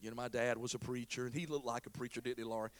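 A man pastor preaching a sermon, swinging between shouted exhortation and quiet, confiding storytelling. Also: medium pitch, steady tone, rapid-fire.

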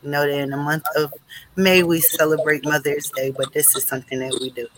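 A woman's voice: deep voice, level tone, brisk, no echo, rough recording. A woman hosting a live online panel, casual and encouraging as she introduces guests. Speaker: panel host.

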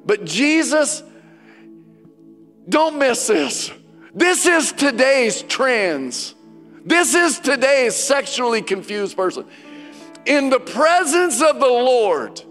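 A pastor preaching in a big sanctuary, his high voice ringing with a long reverb tail. He moves slowly and deliberately, with soft music faintly underneath, rising to loud declarations and dropping to hushed scripture quotes. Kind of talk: sermon. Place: church sanctuary.

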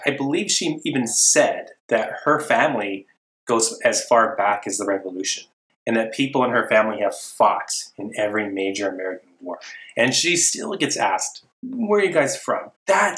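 A man hosting a podcast, talking in an expressive, wry way and acting out the quotes he relates. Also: lowish voice. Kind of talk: casual conversation. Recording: roomy echo.

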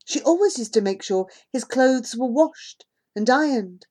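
A woman narrating an audiobook in an expressive, unhurried storytelling manner. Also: high-pitched. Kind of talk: audiobook reading.

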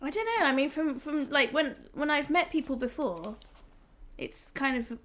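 A woman's voice: sits high, moderate pace, a bit bright. A woman guest on a podcast, chatting casually and hesitantly, often restarting and trailing off. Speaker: guest photographer.

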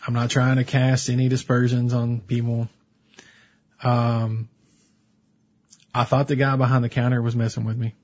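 Husky man telling a story. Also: medium pitch, moderate pace, long pauses, dull audio. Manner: animated anecdotal storytelling. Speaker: podcast co-host. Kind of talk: casual chat.

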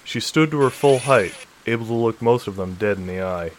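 A man narrating a science-fiction novel in a steady, measured reading. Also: on the low side, a little hiss or hum. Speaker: audiobook narrator. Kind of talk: scripted narration.

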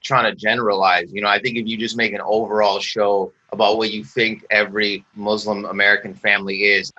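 A Canadian man, an actor, talking casually in an interview and acting out quoted exchanges with lively laughs. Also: on the low side. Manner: animated storyteller, acts out quoted exchanges, laughs often. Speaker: actor guest.

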